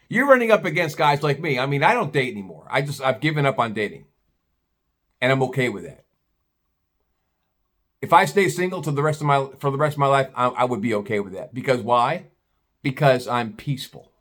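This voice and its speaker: A man's voice: mid-range voice, a bit bright. A middle-aged American man tells a long personal story in a loose, rambling way. He talks bluntly and swears without a second thought. It sounds like casual, unscripted chat. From United States. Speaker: vlogger.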